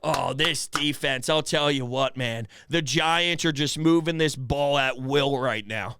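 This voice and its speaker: A male sports host reacts live to a game, giving exasperated and mocking play-by-play. His voice sits high and bright with a smooth, crisp tone. The sound is close and dry, with no room around it. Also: lively intonation, measured pace, no room sound.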